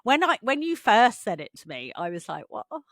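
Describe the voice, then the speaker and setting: Lively chatty woman podcaster. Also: on the high side, a little fast, dry recording, clean studio sound. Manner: chatty, laughs often, lively storytelling. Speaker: podcast co-host. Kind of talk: casual chat.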